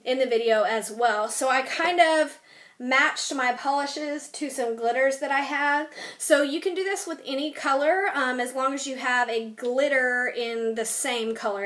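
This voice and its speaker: A woman's voice: on the high side, a bit bright. A young woman talking casually through a nail design at home, chatty and full of ums, a little tired. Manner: chatty, filler-heavy with frequent ums. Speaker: beauty vlogger. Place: home, new place with boxes.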